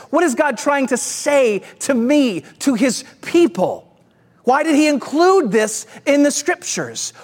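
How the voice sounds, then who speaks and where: Brief: energetic male preacher, lively swooping delivery, rallies the church. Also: very high voice. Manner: energetic, exclamatory, call-and-response. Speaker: pastor. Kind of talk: sermon.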